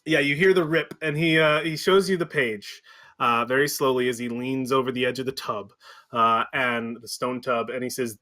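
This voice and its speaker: Relaxed man running a tabletop game. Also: medium pitch, moderate pace. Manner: relaxed, chuckling, filler-heavy. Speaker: game master.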